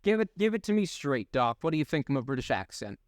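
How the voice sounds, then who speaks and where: Young male co-host, lively, slightly raised pitch, rambling and halting delivery, swears casually. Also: no room sound, studio quality. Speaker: podcast co-host. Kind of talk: casual chat.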